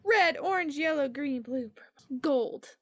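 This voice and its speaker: A woman playing in a tabletop game, lively and theatrical when describing her moves. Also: high-pitched, unhurried, no echo, clean studio sound. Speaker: player. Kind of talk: casual tabletop play.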